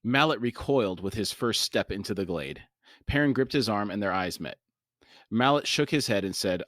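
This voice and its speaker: A man's voice: fairly low pitch, expressive, normal speed, a bit bright, dry recording, clean studio sound. A man co-hosting a book podcast, reading a fantasy novel aloud in a plain voice and chatting casually between passages. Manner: plain, lightly voiced read-aloud, laughs often.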